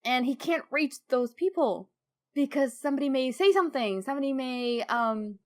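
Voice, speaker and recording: Animated, higher-voiced woman podcast co-host. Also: normal speed. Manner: animated and emphatic, rising with excitement. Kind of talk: casual fan lore discussion.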